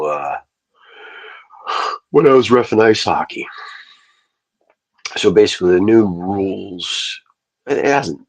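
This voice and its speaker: Male livestream host, low husky voice, loose profane storyteller. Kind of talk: casual ranting livestream.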